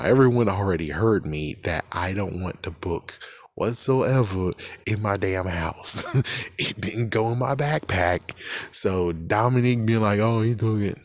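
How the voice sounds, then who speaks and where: A man's voice: lowish voice, no echo, clean studio sound. A young man talking in a casual, rambling monologue, swearing a lot and laughing often. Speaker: vlogger.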